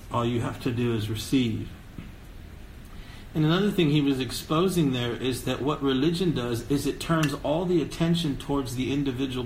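A man's voice: mid-range voice, darkish tone, echoey room, slight background noise, rough recording. A man preaching a podcast sermon in an earnest, conversational way, stressing key words and posing rhetorical questions. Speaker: pastor.

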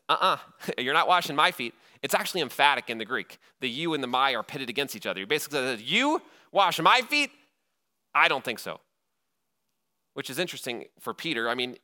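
A man, a pastor, preaching a sermon, telling the story with energy and acting out the quoted lines. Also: on the high side. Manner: animated storytelling, acts out quoted lines with laughs.

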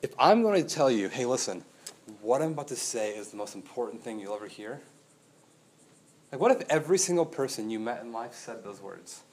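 A young adult man preaching a sermon as pastor, conversational and animated, asking the room rhetorical questions and acting out quotes. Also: medium pitch, fairly quick, slightly rough.

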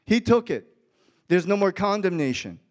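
A man's voice: high voice, sing-song, normal speed. A middle-aged man preaching a sermon in church, telling a story that rises to emphatic peaks. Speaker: pastor. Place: church with an audience.

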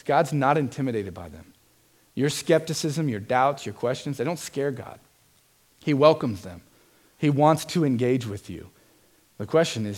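A man's voice: medium pitch, darkish tone. A man preaching a sermon as pastor, earnest and emphatic, putting direct questions to his congregation.

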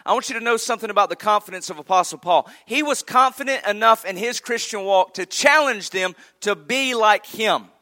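A man's voice: sits high, a little fast, hardly any pauses, sharp tone. A middle-aged man preaching a sermon as a pastor, folksy and storytelling, building to emphatic peaks.

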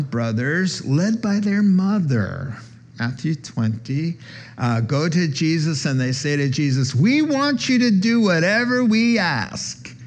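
A man preaching a sermon in a conversational way, acting out the voices of the people he quotes. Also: a little mellow. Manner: conversational, acts out quoted voices with rising pitch. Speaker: pastor. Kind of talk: sermon teaching.

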